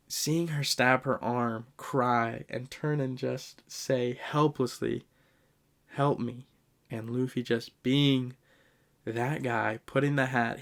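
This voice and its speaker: A young man hosting a casual podcast, retelling sad scenes in an animated, emotional way with frequent laughs. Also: medium pitch, creaky. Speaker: podcast host.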